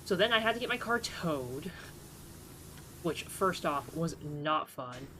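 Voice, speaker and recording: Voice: medium pitch, big pitch swings, slow, bright, forceful tone, a little hiss or hum, low-quality recording. A streamer chatting casually on a live game stream, telling a rambling story full of fillers with a playfully sarcastic edge. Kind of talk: casual livestream chat.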